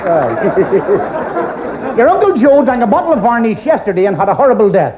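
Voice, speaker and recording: A man's voice: sits high, big pitch swings, moderate pace. A man doing a stand-up routine on a club stage, reading out a comic letter and laughing at his own gags. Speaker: stand-up comedian. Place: club stage with a live audience. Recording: echoey dull videotape with loud crowd and hiss.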